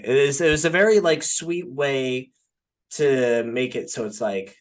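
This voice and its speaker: Talking a little slowly at a medium pitch, this young male podcast co-host drifts through a casual conversation about movies. He fills his speech with filler words, often "like" and "right?"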